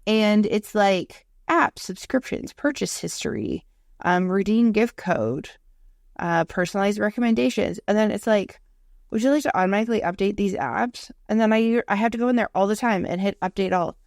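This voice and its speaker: A woman co-hosting a podcast, telling animated, profane stories in casual chat. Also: medium pitch, moderate pace, no echo, studio quality. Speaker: podcast co-host.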